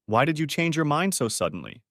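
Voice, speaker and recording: A man reading a story aloud, voicing an emotional, tearful wife with shrill, pleading outbursts. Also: big pitch swings, a little fast, a bit bright, no room sound, studio quality. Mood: anxious.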